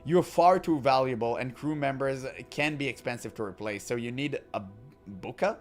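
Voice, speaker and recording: A man's voice: mid-range voice, normal speed, faint music behind. Man reading game lore aloud, joking. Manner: reads in-game books aloud with joking asides and laughs. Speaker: gaming commentator.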